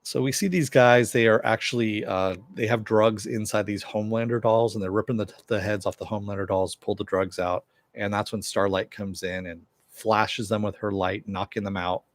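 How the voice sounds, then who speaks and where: A man's voice: fairly low pitch, steady tone, moderate pace, few pauses, no echo. A man giving a casual recap of a TV episode, talking conversationally with frequent fillers. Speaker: TV show reviewer.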